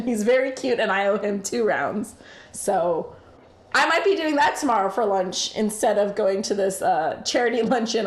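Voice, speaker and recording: A young woman telling a story casually to the camera, animated and chatty, swearing freely and laughing often. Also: a little high. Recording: echoey room.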